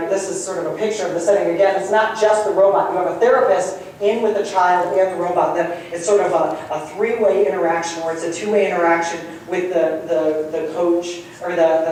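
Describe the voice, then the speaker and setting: A man's voice: high-pitched, steady tone, normal speed, hardly any pauses, a little mellow. A man giving a conversational, good-humored public lecture to a community audience and taking questions. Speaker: guest lecturer. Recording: roomy hall sound from far off, faint noise.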